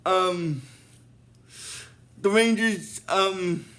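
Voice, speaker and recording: A man's voice: high voice, extremely slow, fairly bright tone. A man casually recapping a TV episode, rambling along with many fillers. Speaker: show recap host.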